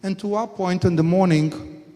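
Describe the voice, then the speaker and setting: An older man, a company executive, gives a storytelling talk at a summit in a conference hall, acting out quoted dialogue in his anecdotes. His high, mellow voice moves at normal speed with fairly even intonation, and the recording has long hall reverb.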